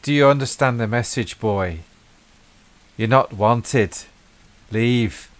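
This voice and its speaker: A man's voice: mid-range voice, big pitch swings, slow pace. A man voicing a large, menacing woman with a strange accent who gives blunt, threatening warnings in a tabletop game.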